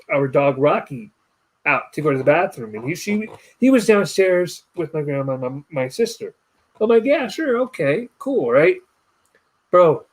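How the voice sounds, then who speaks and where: Animated young man telling a story. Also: on the high side. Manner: storytelling, animated mimicking voices. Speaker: podcast host. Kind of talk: casual chat.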